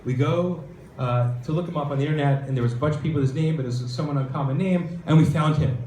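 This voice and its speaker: Lively man telling a startup story. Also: a little high, very fast, slight background noise. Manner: animated storyteller, acts out quoted voices. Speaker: venture capitalist speaker. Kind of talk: conference talk with storytelling. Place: event hall. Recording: roomy hall with faint ambience.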